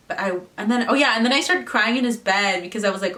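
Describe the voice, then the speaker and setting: A woman's voice: mid-range voice, fast, hardly any pauses, pushed and bright, recorded from a distance. A young woman in her twenties, chatting casually to camera as a vlogger, swearing freely and slipping into the voices of the people in her story. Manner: chatty, swearing, mimics others in quotes.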